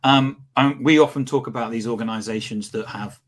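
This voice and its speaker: A man's voice: mid-range voice, steady tone, a little hiss or hum. A man hosting a casual panel discussion, probing with questions. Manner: probing, quick-fire questions. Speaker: host.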